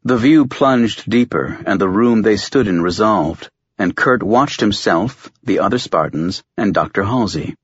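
Low husky male audiobook narrator. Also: lively intonation, measured pace, hardly any pauses, no echo. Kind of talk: scripted narration. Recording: dull lo-fi audiobook recording.

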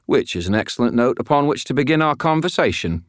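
A man's voice: mid-range voice, very animated, fast talker, dry recording, studio quality, pitched above the performer's own voice, lightly acted. A man voicing a cheerful, menacing middle-aged man with a Cockney accent, clipped and taunting. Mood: mocking.

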